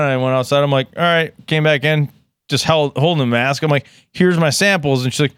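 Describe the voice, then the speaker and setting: Animated, joking male podcast co-host. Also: fairly high pitch, fast, dry recording. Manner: animated, laughing, acts out voices in stories. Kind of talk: crude casual storytelling.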